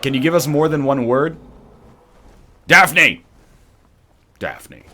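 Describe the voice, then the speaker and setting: A man's voice: on the high side, fairly even intonation, fast, a little mellow, slight background noise. A Canadian man giving rambling, sarcastic commentary while playing a game. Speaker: let's play streamer. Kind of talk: casual gaming commentary.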